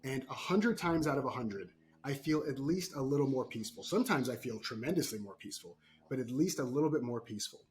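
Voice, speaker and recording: A man who works as a performance coach, a podcast guest who tells animated stories and keeps checking in with "right?". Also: mid-range voice, quick pace, slight background noise. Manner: animated storytelling, frequent "right?" tags. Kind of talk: podcast interview.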